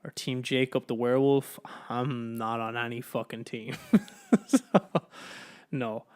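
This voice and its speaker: Rambling Irish guy, smooth voice. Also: mid-range voice, little pitch movement, moderate pace. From Ireland. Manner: rambling, loose and profane, with many restarts. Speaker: podcast host. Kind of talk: casual solo podcast chat.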